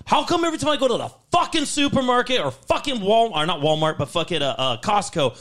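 A male podcast co-host with a high, lively voice, ranting hard and swearing in nearly every line. His pitch jumps around as he gets worked up. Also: fast talker. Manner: profane, heated ranting. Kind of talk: casual podcast rant.

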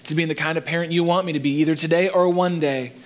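A man's voice: on the high side, fairly even intonation, fast talker. Earnest male pastor preaching to a church. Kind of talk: sermon. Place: church sanctuary.

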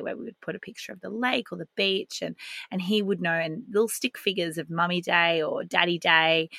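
Calm, earnest woman with a low voice. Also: dry recording, studio quality. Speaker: podcast host. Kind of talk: solo podcast monologue.

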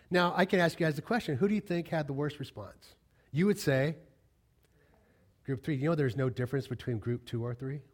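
Passionate pastor preaching, casual to fervent. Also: male voice, fairly high pitch. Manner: conversational and emphatic, building to loud passionate peaks. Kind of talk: sermon. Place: church.

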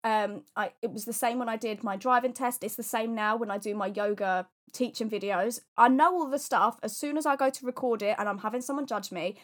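Young woman, fairly high voice, animated self-deprecating storyteller, casual podcast chat. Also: a little fast, few pauses. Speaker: podcast co-host.

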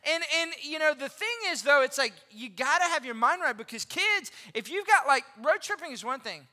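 A pastor in his forties giving an animated, conversational sermon and asking the congregation questions. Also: very high-pitched, brisk. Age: 40s. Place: church auditorium. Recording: reverberant hall.

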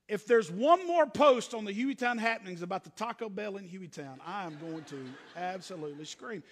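A man preaching a sermon from the pulpit. His voice is very high and bright. He moves between loud, emphatic preaching and low, hushed asides, and the sound rings with the long reverb of a large church hall. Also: lively intonation, moderate pace, few pauses. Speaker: pastor.

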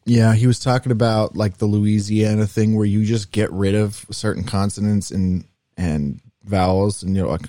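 A young man co-hosting a podcast, telling stories in a rambling, animated way. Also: lowish voice, normal speed, dry recording, studio quality. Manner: rambling, animated storytelling with demo voices. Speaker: podcast co-host. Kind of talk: casual chat.

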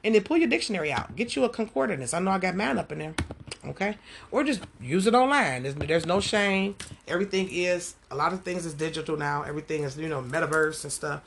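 A woman teaching a Bible passage at home in an animated, conversational way, talking straight to her listeners. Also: on the low side, fast, creaky, a little hiss or hum. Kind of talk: casual devotional teaching.

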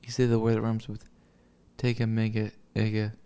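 A man's voice: lowish voice, monotone, moderate pace, dark tone, clear, resonant tone. A drunk young man rambling alone, profane and meandering, with mumbled asides. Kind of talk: rambling solo monologue.

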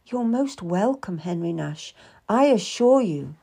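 A woman voicing a polite, charming young male secretary in an audiobook, speaking gently and courteously. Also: mid-range voice, lively intonation, measured pace, vocal fry, slightly rough, exaggerated voice. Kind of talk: audiobook reading.

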